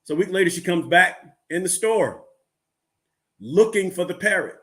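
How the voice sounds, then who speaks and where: A man's voice: high voice, lively intonation, moderate pace, fairly bright tone. A man co-hosting a podcast, playfully telling corny jokes in casual chat. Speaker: podcast co-host.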